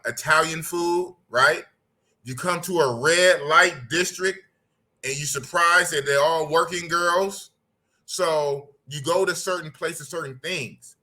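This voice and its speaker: A man's voice: fairly high pitch, pushed and bright. A middle-aged man from the United States, hosting a casual podcast and reading out viewer comments in a blunt, slangy way that repeats its points. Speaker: podcast host. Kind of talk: casual podcast talk reading live chat.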